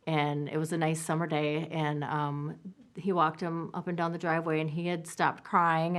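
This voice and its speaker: A woman, a mother recounting her family's story in a halting, heartfelt interview. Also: sits low. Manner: halting, with many restarts, reliving events. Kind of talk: personal testimony interview.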